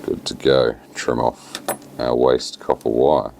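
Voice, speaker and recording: A man with a New Zealand accent talking casually through a fly tying tutorial, relaxed and plain-spoken with many fillers. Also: extremely low pitch, slow pace, vocal fry, slight background noise.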